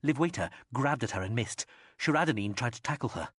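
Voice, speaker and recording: Expressive man narrating an audiobook. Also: medium pitch, brisk, slightly rough, no room sound, clean studio sound. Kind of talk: scripted narration.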